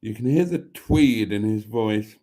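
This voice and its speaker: A man's voice: on the low side, animated, unhurried, dark tone. A man hosting a live stream, chatting casually and rambling as he reads viewer comments aloud, with mild swearing. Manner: rambling, chatty, self-deprecating, swears mildly.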